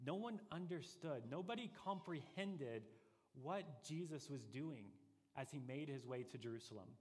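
A man's voice: fairly high pitch, expressive, darkish tone, slightly rough. Earnest male preacher in a reverberant hall. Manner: earnest, deliberate preaching with rising emphasis. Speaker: pastor. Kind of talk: sermon.

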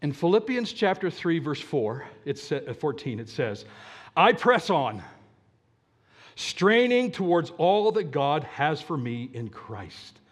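Male pastor, high lively voice, slow deliberate sermon delivery with questions to the audience.

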